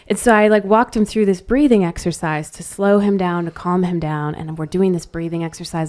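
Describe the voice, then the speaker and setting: A woman in her thirties co-hosting a podcast, telling stories in a lively, self-deprecating way. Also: fairly low pitch, brisk, few pauses. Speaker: podcast co-host. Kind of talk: casual podcast conversation.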